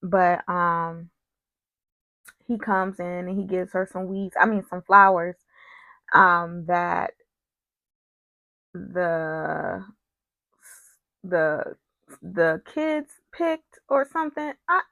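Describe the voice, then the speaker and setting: A woman's voice: on the low side, creaky, a bit bright, no echo. A woman casually recapping a soap opera, chatty and opinionated, with frequent digressions.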